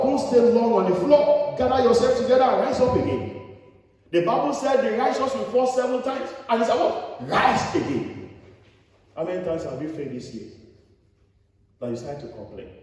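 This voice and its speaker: A man's voice: high voice, dark tone. A man preaching a sermon as pastor, exhorting his listeners and repeating phrases for emphasis. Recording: echoey hall from far off.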